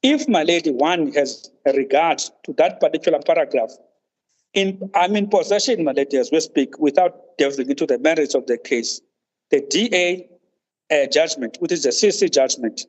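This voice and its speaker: A man, counsel at a tribunal, making a formal legal argument, deferential and halting, saying "my lady" at almost every turn. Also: on the high side. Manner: deferential, says "my lady" constantly, halting restarts. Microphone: video call. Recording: muffled video-call audio.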